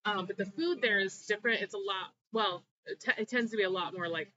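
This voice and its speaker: An adult in casual conversation, relaxed, giving travel tips and agreeing often. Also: mid-range voice, brisk. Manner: relaxed, backchannels a lot, gives tips. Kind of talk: casual chat. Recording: dull lo-fi recording.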